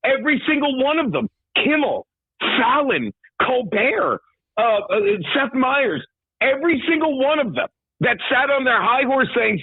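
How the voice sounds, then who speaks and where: A man phones in as a guest and rants in a worked-up, profane way. His voice sits high and sounds husky. The tinny, narrow phone line gives it a dry feel. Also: animated, normal speed, no echo. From New York. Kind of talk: casual talk show banter.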